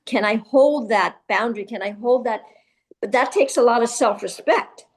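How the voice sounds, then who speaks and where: A woman giving a spiritual class in a temple, talking in a gentle, reflective way with pauses. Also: fairly high pitch. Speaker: class speaker.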